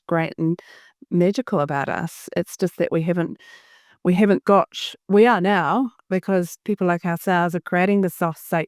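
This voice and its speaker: Smooth-voiced woman podcast host. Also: fairly low pitch, darkish tone, dry recording, studio quality. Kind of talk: reflective conversation.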